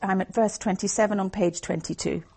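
A woman giving an earnest, measured Christian talk to a group, explaining Bible passages as she reads. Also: mid-range voice, fairly even intonation, vocal fry, darkish tone, slightly rough. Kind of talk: evangelistic talk with Bible reading.

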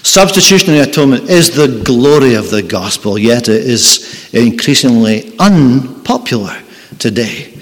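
Earnest preacher in an echoing hall. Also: male voice, medium pitch, big pitch swings, normal speed. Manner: earnest, emphatic, repeating key phrases. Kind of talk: sermon. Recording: long reverb in a large hall.

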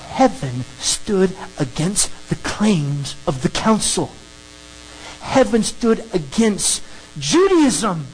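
A preacher giving an animated, emphatic sermon that works through a scripture passage. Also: mid-range voice, slight background noise, poor audio. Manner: animated, emphatic, acts out crowd scenes.

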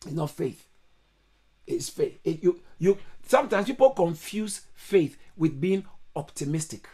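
Man, pastor, sermon, high-pitched voice, emphatic, repeats lines, online service. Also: sing-song, a little slow, mellow, breathy edge. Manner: emphatic, repeats phrases, sudden high exclamations. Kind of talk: preaching a sermon. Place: online church service over video call.

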